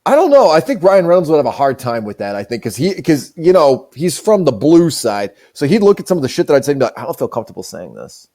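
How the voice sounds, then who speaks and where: A man's voice: a little high, sing-song, quick pace, few pauses, mellow. A man hosting a live stream, rambling and joking with plenty of profanity in casual chat. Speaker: streamer and show host.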